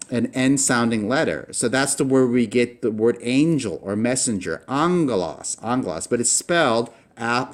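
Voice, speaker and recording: Slow, patient male language teacher. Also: mid-range voice. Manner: patient, halting explanation with frequent fillers and restarts; slows down to sound out words carefully. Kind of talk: recorded lesson at a whiteboard.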